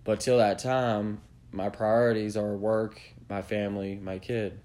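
A man's voice: fairly low pitch, flat delivery, unhurried, darkish tone. A man hosting a podcast, delivering a blunt, profanity-heavy rant that lectures his listeners. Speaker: podcast host. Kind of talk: opinionated rant.

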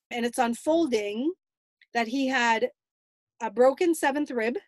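High-voiced woman telling a painful story. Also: dry recording. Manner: earnest, animated retelling. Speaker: interview guest, grandmother. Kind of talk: emotional personal account.

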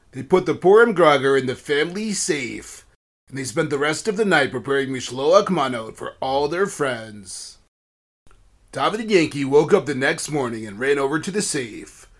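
A man narrating a children's story in a steady storytelling manner. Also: a little high.

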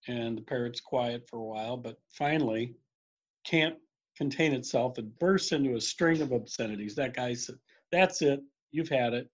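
A man telling jokes in a relaxed, storytelling way, acting out the characters. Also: mid-range voice, moderate pace. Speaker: joke teller. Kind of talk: casual joke telling. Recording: dull lo-fi sound.

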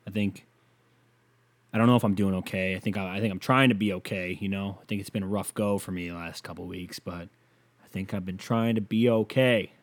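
A man's voice: low voice, steady tone, brisk. Young male solo podcaster, casual and profane, rambling with sarcastic rants into a desk mic. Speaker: podcast host. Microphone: desk microphone with pop filter.

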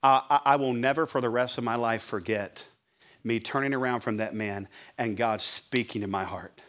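A middle-aged man preaching as a pastor, telling an animated sermon story and acting out his own shouting. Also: mid-range voice, moderate pace. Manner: animated, acts out his own yelling at a referee.

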